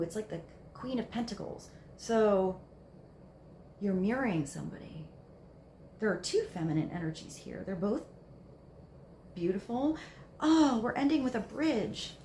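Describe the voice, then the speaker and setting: A woman's voice: medium pitch, dark tone, echoey room, slight background noise. A woman giving a casual tarot reading, musing aloud in a rambling way with many fillers. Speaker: tarot card reader.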